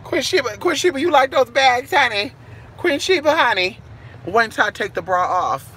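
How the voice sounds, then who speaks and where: Sassy, profane woman with a very bright voice. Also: high-pitched, big pitch swings, moderate pace, husky. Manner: sassy, profane, calls listeners honey and girl. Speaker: spiritual reader. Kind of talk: casual live-stream chat with viewers.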